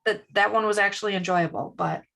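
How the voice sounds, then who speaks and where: A woman's voice: mid-range voice, brisk, vocal fry, a bit bright. A woman co-hosting a podcast, chatting casually with a candid, playfully blunt way of telling stories. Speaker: podcast co-host. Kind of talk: casual chat.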